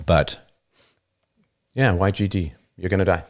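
A livestream host talks in a low-pitched voice at a moderate pace. Into a new studio microphone he gives a casual, forceful monologue, regularly ending his points with "right?"

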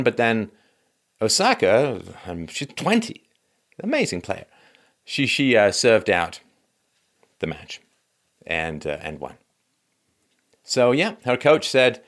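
A man hosting an opinion show, recounting events in a sarcastic, conversational way and dropping his voice low for wry asides. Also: sing-song, takes it slowly, long pauses, a bit bright. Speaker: podcast host. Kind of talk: opinion commentary.

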